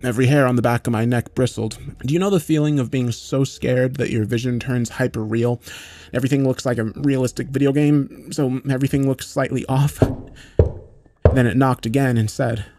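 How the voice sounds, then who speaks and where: A man narrating a horror story in a measured, matter-of-fact way, with occasional swearing. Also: medium pitch, fairly even intonation, mellow, no room sound.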